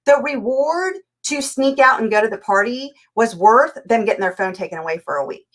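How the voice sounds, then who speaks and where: Energetic woman life coach, higher voice. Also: moderate pace. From California. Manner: energetic, acts out scenes in quoted voices. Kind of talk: animated interview talk.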